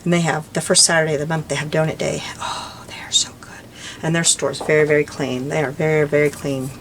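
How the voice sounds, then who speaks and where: A woman's voice: deep voice, little pitch movement, quick pace, slight background noise. An older woman chatting casually and rambling as she works on a craft journal, laughing lightly now and then. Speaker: crafting vlogger. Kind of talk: casual chat while crafting.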